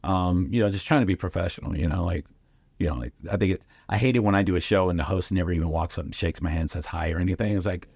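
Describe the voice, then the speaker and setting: A man's voice: sits low, fast talker, vocal fry, a little mellow, breathy edge, dry recording. A middle-aged man, a comedian, telling casual stories on a podcast and acting out the voices of other people in his quotes. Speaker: comedian guest.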